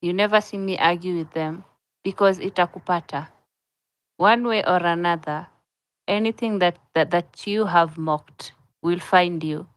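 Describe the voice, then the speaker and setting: Soft-spoken woman host. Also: on the low side, a little slow, poor audio. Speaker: host of a live audio room. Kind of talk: live chat.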